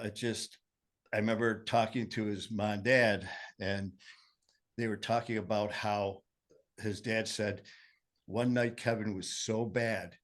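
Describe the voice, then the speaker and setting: A man with a Michigan accent telling his recovery story in casual conversation, earnest and meandering with many fillers. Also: lowish voice.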